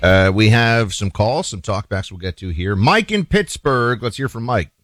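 A middle-aged man hosting a talk radio program, talking in a slightly low voice. He takes callers and shares his views in a loose, conversational way, and faint music sits under his voice. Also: moderate pace, no room sound, clean studio sound. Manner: relaxed, opinionated, takes calls. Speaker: radio talk show host. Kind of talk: casual talk radio chat.

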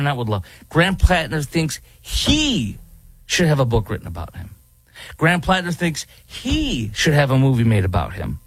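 A man's voice: mid-range voice, fairly bright tone, dry recording. A man hosting a talk show, giving indignant, emphatic commentary with many fillers. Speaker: talk radio host. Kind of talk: opinionated commentary.

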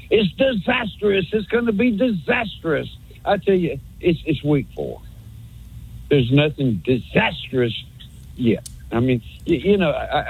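Heard on poor audio, a man with a medium-pitched, darkish voice and a breathy edge calls in to a sports talk show. He rants at length, folksy and sarcastic, tripping over words he repeats.

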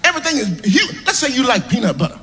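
A man's voice: very high voice, very animated, fast, pushed and bright, in a large hall. A man doing a stand-up comedy set, telling rambling everyday anecdotes.

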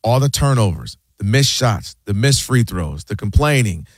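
A man hosting a casual sports talk show, talking with animated energy, repeating words and acting out how fans react. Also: fairly low pitch, moderate pace, slightly rough, no echo.

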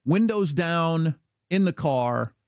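A middle-aged man from Kansas tells a story in casual chat, his voice pitched high and swinging widely. He talks in an animated way, full of quick asides. The sound is close and dry. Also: no echo. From Kansas, USA.

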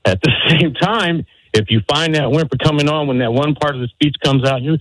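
A man's voice: medium pitch, expressive, brisk, fairly bright tone, no echo, poor audio. Folksy middle-aged male radio caller. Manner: friendly, folksy, giving advice. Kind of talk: phoned-in advice.

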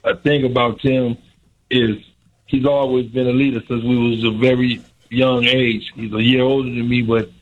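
An earnest man speaks in a measured, heartfelt way. His pitch is middling for a man. He comes through a slightly dull, muffled line. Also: flat delivery. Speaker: guest.

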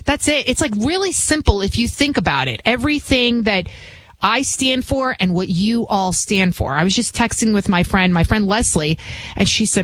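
A woman's voice: medium pitch, animated, normal speed. Chatty Bronx-accented woman talk host. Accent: New York (Bronx). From the Bronx, New York. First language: not English. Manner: chatty, rambling, emphatic. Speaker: guest radio host. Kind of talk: talk radio monologue.

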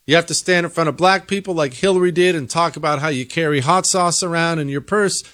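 A man's voice: on the high side, a little fast, fairly bright tone, no echo, studio quality. A man hosting a political commentary monologue, talking in an opinionated, emphatic way. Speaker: host.

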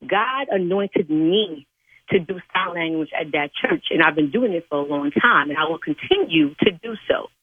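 A woman on a phone call, firmly demanding a calmer tone, later cursing and laughing. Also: on the low side, moderate pace, husky, dry recording. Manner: firm, then cursing and laughing. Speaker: church sign-language interpreter, prank call target.

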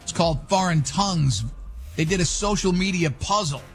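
High-voiced wisecracking radio host. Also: male voice, normal speed. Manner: wisecracking, sarcastic asides. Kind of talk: morning radio banter reading entertainment news.

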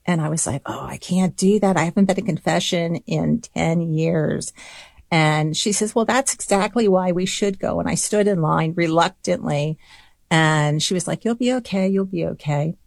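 A woman's voice: on the low side, no echo, studio quality. A middle-aged woman, a spiritual director, telling a personal story in a conversation, reflective and laughing often.

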